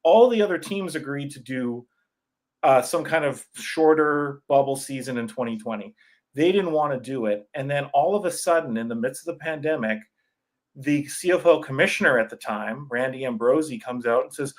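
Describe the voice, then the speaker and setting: A man chatting as a podcast guest in a sparse room of his new house, rambling and animated, laughing often. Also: mid-range voice, normal speed. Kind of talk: casual sports chat.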